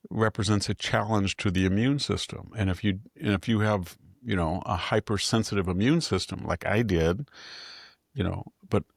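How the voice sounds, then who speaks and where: Older man, gravelly low voice, dry close sound, rambling opinionated talk show commentary. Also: no room sound. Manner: rambling, opinionated, frequent restarts. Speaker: podcast host. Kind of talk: casual political commentary.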